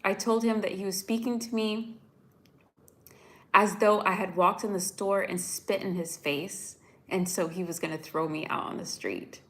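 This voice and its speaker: A young woman from the United States telling viewers a story in a chatty, animated way, full of "like"s, upset and close to tears. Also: mid-range voice, normal speed. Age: young adult. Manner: chatty, animated, many "like"s, addresses viewers directly. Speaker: vlogger. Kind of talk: casual storytelling to live viewers.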